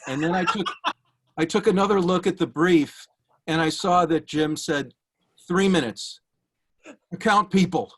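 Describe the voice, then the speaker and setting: Brief: man, slightly high voice, tribute speaker on video call, anecdotal. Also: normal speed. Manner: warm anecdotal delivery with light laughs. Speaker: memorial speaker, former student. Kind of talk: heartfelt tribute speech.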